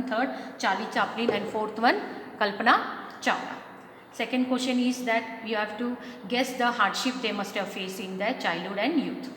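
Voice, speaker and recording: A woman's voice: mid-range voice, a bit bright, slight background noise. A woman teaching a lesson, walking through textbook questions step by step and often checking with "right?". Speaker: school English teacher. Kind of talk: classroom lesson explaining a textbook. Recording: echoey room with long reverb, faint ambience.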